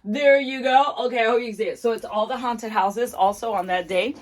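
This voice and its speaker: Speaking casually into her phone camera, a middle-aged woman vlogs about mental wellness, bubbly and chatty, bursting into laughs and shrieks. Her voice is a little high and fairly quick.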